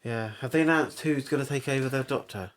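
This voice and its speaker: A playful male podcast co-host who teases his partner and drifts into sing-song repeats. His voice sits at a middle pitch for a man, relaxed and conversational. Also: fairly quick. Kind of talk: casual chat.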